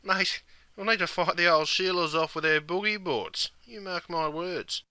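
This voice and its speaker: A slang explainer puts on a cheeky, knockabout Australian bloke, drawling in broad slang and dropping "mate" at every turn in larrikin banter. His voice is high, bright, and forceful at a normal speed, with a little hiss or hum.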